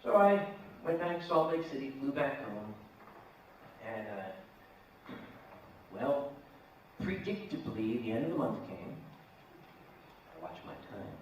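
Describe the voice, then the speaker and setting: A man's voice: mid-range voice, sing-song, slow pace, pauses often, a little hiss or hum. A man telling a comic story live to an audience in a large hall, with a wry, dry delivery. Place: large convention hall, indoors. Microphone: camera at a distance from the stage. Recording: echoey hall from far off.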